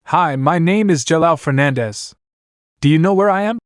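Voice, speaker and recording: A man's voice: on the high side, moderate pace, dry recording, studio quality, pitched above the performer's own voice, lightly acted. A man reading the part of a newly arrived boy who is impatient and sarcastic. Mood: demanding. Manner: demanding, sarcastic.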